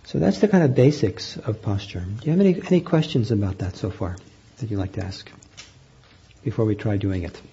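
A man teaching meditation, guiding a group in a gentle, unhurried way with frequent pauses and fillers. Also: fairly low pitch, breathy edge, dull audio. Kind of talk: guided meditation instruction.

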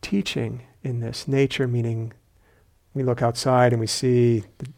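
A man with a gravelly, fry-edged voice gives a dharma talk at a meditation retreat center. He speaks in a reflective, unhurried way with gentle humor and a middle-pitched tone. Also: flat delivery. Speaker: meditation teacher.

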